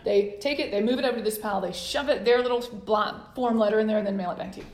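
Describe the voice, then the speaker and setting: Woman in her forties, a guest author telling her story, lively and expressive, in an echoey room. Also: medium pitch, rapid-fire, a little hiss or hum. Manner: animated storyteller, acts out quoted letters. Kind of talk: casual storytelling interview. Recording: roomy echo.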